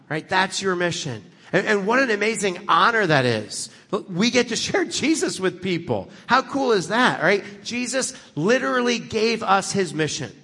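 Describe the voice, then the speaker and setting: Middle-aged male guest preacher, casual talk rising to emphatic appeals, slightly high voice. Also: very animated, moderate pace, few pauses, pushed and bright, husky, long reverb tail. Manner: conversational, rises to emphatic preaching. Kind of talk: sermon.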